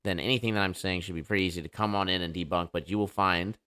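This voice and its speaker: A man's voice: sits low, fairly even intonation, quick pace, pushed and bright, clear, resonant tone. A man hosting a casual livestream debate show, talking loosely and joking as he sets things up. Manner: loose, joking, hype-style banter.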